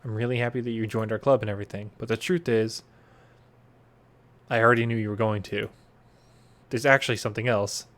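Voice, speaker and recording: A man reading aloud the lines of a cheerful teenage girl who runs a school club, in a soft, sweet delivery. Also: on the low side, steady tone, a little fast, long pauses, natural voice. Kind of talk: reading a visual novel aloud.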